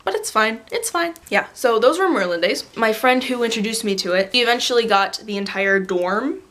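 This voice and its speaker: Young woman gushing at her camera, kinda high voice, rambly and excitable, lots of likes. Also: moderate pace. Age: young adult. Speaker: vlogger. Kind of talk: casual fan rant to camera. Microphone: camera on a tripod.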